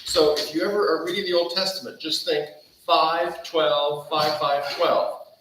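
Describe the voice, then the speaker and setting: A man's voice: on the high side, a little slow, background noise. Man preaching in an echoey hall. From Taiwan. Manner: conversational, animated, acts out quoted dialogue. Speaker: pastor. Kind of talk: Bible study sermon. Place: church hall.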